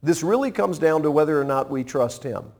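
A man in his sixties, a pastor preaching a sermon in an animated way, acting out playful voices and chuckling as he goes. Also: fairly high pitch, fairly quick. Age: 60s.

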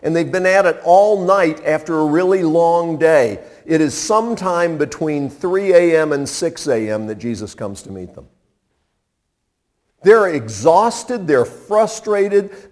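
Middle-aged male pastor, chatty and wry, animated pitch, slow delivery. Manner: conversational and humorous, with dramatic pauses. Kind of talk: sermon.

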